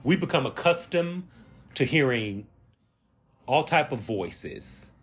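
A man with a Southern accent hosting a reflective solo monologue, speaking slowly and deliberately with drawn-out emphasis. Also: medium pitch, animated, fairly bright tone, slightly rough. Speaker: podcast host. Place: Washington, D.C.

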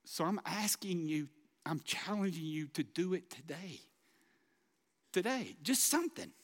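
A man's voice: on the high side, very animated, unhurried. A man preaching a sermon as pastor, impassioned and exhorting, and emotional as he closes in prayer. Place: church auditorium. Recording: long church hall reverb.

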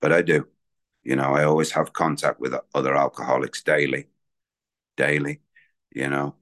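Low-voiced guy rambling thru his recovery share, candid, talks with his hands. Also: level tone, normal speed, a bit bright. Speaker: speaker at a recovery meeting.

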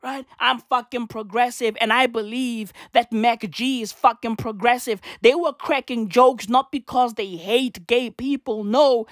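A man with a very high, slightly bright voice, recorded clean in a studio with no room sound, launches into a profane comic rant. He rambles and repeats himself, mock-swaggering, swearing heavily and constantly throwing in "bruv" and "right."

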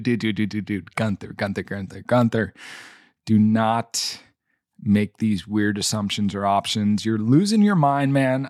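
A man's voice: fairly low pitch, no echo, studio quality. A man hosting a podcast in a laid-back, slangy chat, often saying "dude". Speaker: podcast host.

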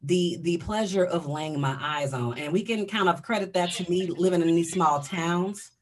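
Woman podcast host, casual and blunt, slightly lower voice, cheeky delivery. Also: moderate pace. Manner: blunt, profane, playful. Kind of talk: casual chat.

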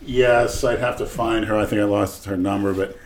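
A man co-hosting a crude, casual podcast chat, blunt and boastful, jumping louder when he stresses a point. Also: fairly low pitch, steady tone, normal speed. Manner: blunt, boastful, swings loud on emphasis. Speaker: podcast co-host.

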